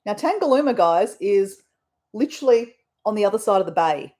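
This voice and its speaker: A woman's voice: medium pitch, expressive, brisk, darkish tone. An Australian woman hosting a casual live stream, chatting in a rambling way with her viewers. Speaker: livestream host.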